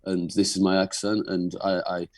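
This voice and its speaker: A man's voice: sits low, level tone, moderate pace, no room sound. A young man from Carlisle with a Cumbrian accent, talking earnestly as a guest in a casual interview, with frequent restarts. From Carlisle, England. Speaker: band frontman, guest.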